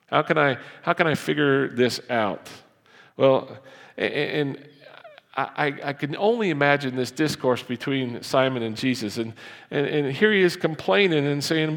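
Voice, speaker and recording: A man's voice: medium pitch, big-room sound. A man preaching a sermon, talking conversationally and acting out the voices of the people in the story. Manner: animated, acts out Bible voices, conversational. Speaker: pastor. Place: church.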